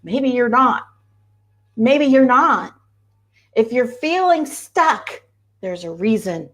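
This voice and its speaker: A woman's voice: on the high side, animated, slow, a bit bright. A woman spiritual coach talking casually to her viewers, earnest and repeating key phrases for emphasis. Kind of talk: casual livestream talk.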